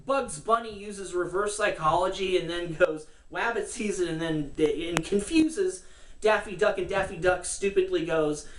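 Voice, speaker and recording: A woman delivers casual, sarcastic political commentary, ranting with curses and laughter. Her fairly low voice is unhurried, picked up by a distant mic with a roomy echo and faint noise.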